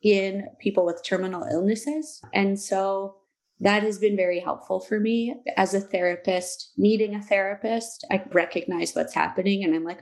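A woman in her thirties, a guest in an interview, speaking slowly and reflectively about hard personal things. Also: medium pitch, fairly even intonation, darkish tone. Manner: slow, reflective, emotional. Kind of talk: candid interview talk.

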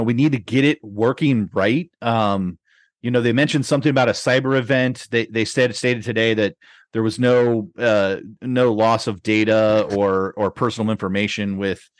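A man's voice: medium pitch, dry recording. A man hosting a podcast in casual chat, rambling with many restarts and fillers. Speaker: podcast host.

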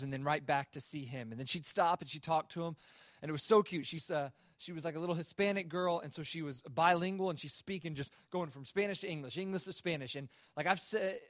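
A young man giving a sermon to a student worship gathering, telling a personal story in a relaxed, conversational way with self-mocking humor and plenty of fillers. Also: on the high side, no echo, clean studio sound. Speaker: speaker at a student worship service. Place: live worship service.

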